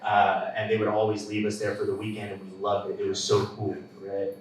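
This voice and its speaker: A man's voice: fairly low pitch, completely flat delivery, fairly quick, very echoey, distant mic, slight background noise, low-quality recording. A young man doing a live stand-up set, telling stories in a casual way with lots of fillers and laughs. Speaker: stand-up comedian. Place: comedy club stage.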